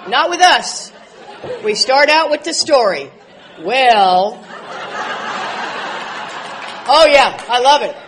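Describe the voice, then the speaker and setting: A woman in her forties speaking at a recovery convention, telling animated stories with laughs and loud outbursts. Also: sits high, takes it slowly, crowd noise, background noise. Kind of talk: speaker talk to an audience.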